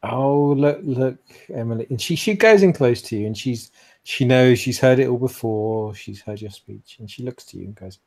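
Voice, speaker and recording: A man's voice: medium pitch, fairly quick, creaky, a little mellow. Guy running a tabletop game, loose chatty narrating. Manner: casual, rambling narration. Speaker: game master.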